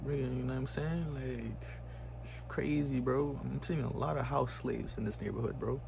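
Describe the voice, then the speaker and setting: At a moderate pace, a man with a creaky, darkish, mid-range voice and fairly even intonation rants on a vlog, slight background noise behind him. The rant is heated and casual, rich in profane slang and repeated "bro" and "you know what I'm saying."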